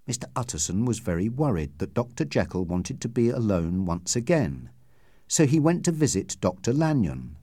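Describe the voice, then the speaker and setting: A man reads an audiobook clearly and measuredly, his dark-toned voice rising and falling widely from phrase to phrase in a sing-song way. The recording is close and dry, with no room sound or echo.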